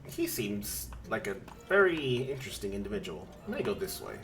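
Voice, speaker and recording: A man's voice: on the low side, very animated, brisk, music in the background. A man streaming a video game, rambling and joking as he explains it. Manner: rambling, self-interrupting, jokey. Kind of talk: casual gaming commentary.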